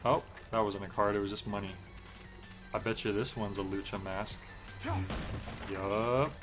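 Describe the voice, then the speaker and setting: A low, steady voice at a measured pace carries this casual stream commentary, as the man drifts from thought to thought with many fillers. The game's music plays underneath.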